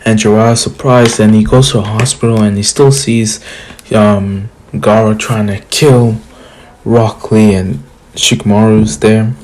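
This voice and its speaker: A man's voice: fairly low pitch, steady tone, measured pace, a little mellow, slight background noise. A young man casually retelling a fan story, rambling with restarts.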